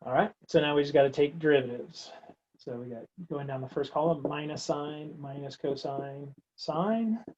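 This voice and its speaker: A man's voice: fairly high pitch, moderate pace, darkish tone, muffled recording, slight background noise. A man teaching a recorded math lecture, working through steps aloud in a casual, wry way. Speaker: math instructor.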